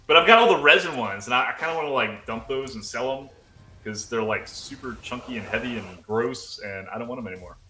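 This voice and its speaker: A man's voice: medium pitch, expressive, a little fast, sharp tone. A man co-hosting a casual livestream, reading viewer chat aloud and joking around. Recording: roomy sound, faint music behind.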